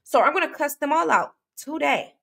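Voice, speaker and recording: With a high voice, lively intonation, and vocal fry, a woman hosts a casual true crime livestream at a normal speed. She chats and rambles to viewers, using many fillers and restarts and reading comments aloud.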